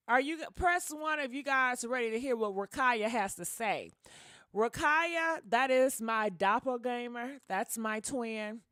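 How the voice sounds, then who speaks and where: A woman's voice: a little high, a bit bright, no room sound, clean studio sound. A woman hosting a celebrity gossip channel, talking in an emphatic, chatty way and addressing her viewers directly. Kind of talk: casual gossip commentary.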